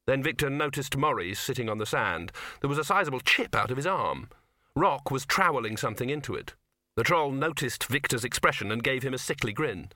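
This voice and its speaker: A man's voice: lively intonation, fairly quick, pushed and bright, no room sound, clean studio sound. A man narrating a comic fantasy novel, lifting his voice for the characters' lines. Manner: reads all the characters in one voice, lifting pitch for dialogue. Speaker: audiobook narrator. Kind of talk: scripted narration.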